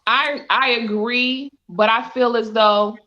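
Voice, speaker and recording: Woman co-host, measured and reflective, high bright tone, dull lo-fi recording. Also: steady tone. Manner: measured, thoughtful commentary with repeated "I think". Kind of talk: casual chat. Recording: dull lo-fi sound.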